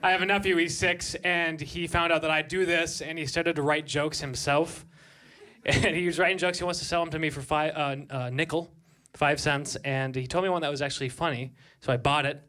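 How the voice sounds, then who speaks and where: A man in his thirties performs stand-up on a comedy club stage, his voice high and ringing with a bright, forceful edge. He keeps up a lively set and breaks into shouted high voices for his bits. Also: brisk.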